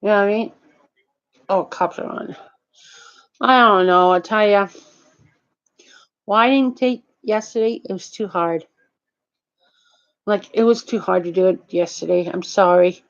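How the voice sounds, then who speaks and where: An older woman talking in a rambling, halting, profane monologue. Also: mid-range voice, muffled recording.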